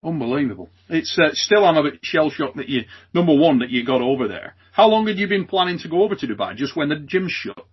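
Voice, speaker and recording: A male host runs a loose, joking interview with a husky, slightly high voice. He laughs freely and keeps things chatty. The audio is muffled and lo-fi. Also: animated, fast, few pauses. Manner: jokey, laughs often, says "mate" and "son". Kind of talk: casual interview.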